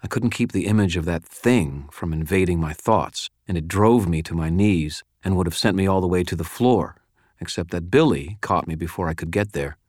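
A man reading first-person fiction aloud in a measured, steady storytelling delivery. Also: low-pitched, dry recording, studio quality. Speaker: audiobook narrator.

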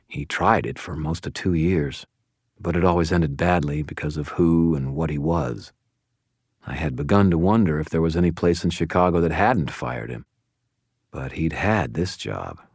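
A man narrating a first-person audiobook in an extremely deep voice. His delivery is measured and dry. The sound is close and completely dry. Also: vocal fry, husky, dry recording.

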